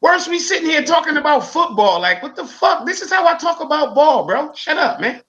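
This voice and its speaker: A man on a heated football panel, loud, profane and combative. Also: extremely high pitch, big pitch swings, brisk, highs cut off.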